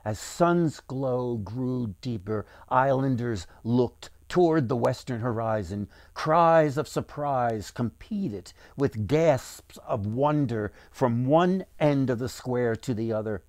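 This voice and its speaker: A man's voice: medium pitch, expressive, slow pace, few pauses, darkish tone, no echo. A man as author reading his own storybook aloud, with acted voices for the characters.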